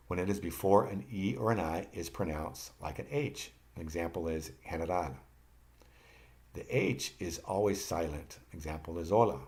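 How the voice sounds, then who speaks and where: Deep-voiced man teaching a lesson. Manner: patient, repeats phrases for learners to copy; occasional restarts and self-corrections. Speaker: language teacher. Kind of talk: slide-based lesson narration.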